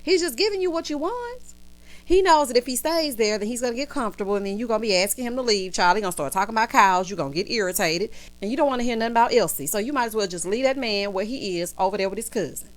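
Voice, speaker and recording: A woman's voice: medium pitch, rapid-fire, few pauses. A woman, giving a playful, sassy recap of a TV episode full of asides. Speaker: TV recap vlogger. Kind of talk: casual chatty review.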